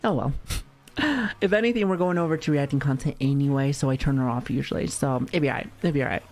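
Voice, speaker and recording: A woman's voice: extremely low pitch, very fast, a little mellow, soft background music. A woman streamer chatting casually with her viewers, playful and giggly, often laughing and swearing lightly. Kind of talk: casual live-stream chat.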